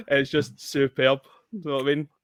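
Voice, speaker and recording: An enthusiastic man with a Scottish accent laughs through a casual film chat. His voice is bright and a little high. The recording sounds dry and close. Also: dry recording.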